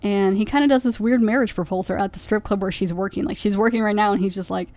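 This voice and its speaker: A woman's voice: mid-range voice, steady tone, fast talker, hardly any pauses, a little mellow, dry recording. A woman hosting a podcast, casually reviewing an episode and retelling its plot in a rambling way, full of "like" fillers. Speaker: podcast host.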